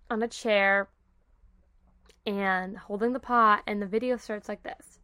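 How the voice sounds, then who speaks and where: A young adult woman hosting a podcast, telling stories in a chatty, animated way full of "like" and "oh my God". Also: a little high, measured pace, clean tone. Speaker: podcast host. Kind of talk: casual storytelling.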